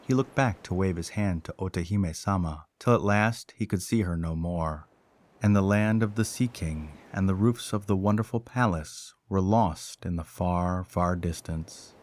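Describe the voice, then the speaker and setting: Calm low-voiced male storyteller. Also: moderate pace. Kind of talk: scripted storybook narration.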